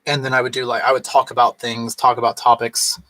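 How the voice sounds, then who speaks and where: A tipsy man in his thirties rambles through a casual vlog, swearing freely and slipping into a higher voice to mimic others. His pitch sits in the middle range for a man. The sound is dry and close, with no room echo. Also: level tone, fairly quick, bright, forceful tone. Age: 30s. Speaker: vlogger.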